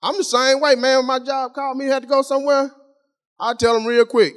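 A man's voice: extremely high pitch, level tone, a little fast, a bit bright, clear, resonant tone. A middle-aged man preaching a sermon in a folksy, conversational way, talking straight to the congregation and repeating phrases for emphasis. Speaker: pastor.

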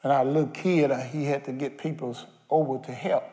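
A man's voice: mid-range voice, fairly even intonation, a little fast, mellow. A man preaching a sermon, firing questions at his congregation. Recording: long hall reverb.

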